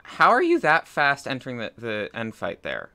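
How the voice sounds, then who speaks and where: Bright-voiced man commentating his run. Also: medium pitch, wildly swooping pitch, moderate pace, creaky. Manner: self-deprecating running commentary. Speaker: speedrunner. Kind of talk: casual gaming chat.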